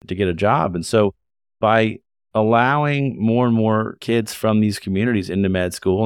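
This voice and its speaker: A man who hosts a podcast and works as an OB-GYN physician, talking in a measured, reflective way. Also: fairly low pitch, darkish tone, dry recording, clean studio sound. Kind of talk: casual podcast conversation.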